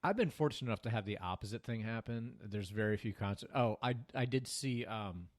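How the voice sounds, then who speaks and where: A man's voice: fairly low pitch, brisk. A man co-hosting a podcast, chatting casually and telling rambling stories with acted-out quotes. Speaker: podcast co-host. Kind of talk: casual chat.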